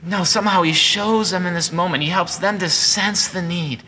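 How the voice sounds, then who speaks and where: A man's voice: high voice, normal speed, hardly any pauses, sharp tone. A man in his forties preaching a sermon as pastor, earnest and conversational with frequent restarts. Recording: long hall reverb.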